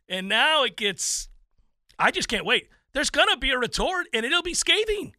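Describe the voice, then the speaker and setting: A man hosting a sports talk show, telling stories in an animated, theatrical way. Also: very high voice, moderate pace, no room sound. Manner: animated, theatrical storytelling with laughs. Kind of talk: casual chat.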